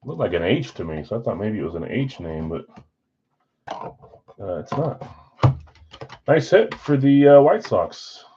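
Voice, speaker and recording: A man's voice: fairly low pitch, sing-song, measured pace, pauses often, warm tone, a little hiss or hum. A man hosting a live stream card break, chatting casually and thinking aloud as he opens packs. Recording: dull lo-fi stream audio.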